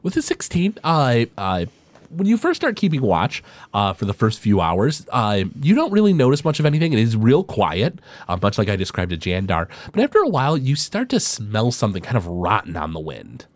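A man narrating as game master, halting with frequent uhs. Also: lowish voice, wildly swooping pitch, no room sound.

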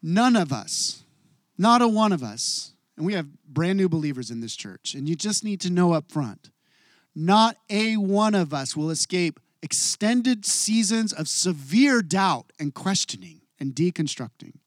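A middle-aged man preaching a sermon as pastor, expressive, moving between hushed and emphatic delivery. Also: high-pitched, measured pace, no room sound, studio quality.

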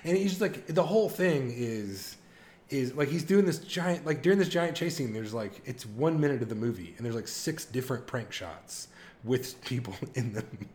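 Excitable man telling a story. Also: mid-range voice, moderate pace. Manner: excited storytelling with laughs and impressions. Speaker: podcast co-host. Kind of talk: casual chat.

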